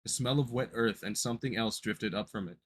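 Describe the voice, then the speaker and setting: A man's voice: fairly low pitch, a little fast, husky. A man casually reading a horror story aloud on a podcast, often tripping over words and correcting himself. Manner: stumbling, self-correcting reading. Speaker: podcast co-host reading a creepypasta.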